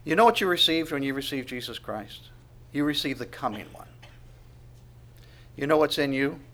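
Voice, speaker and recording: A man preaching a sermon, asking the congregation questions and swinging from quiet asides to loud proclamation. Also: medium pitch, animated, normal speed. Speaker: pastor.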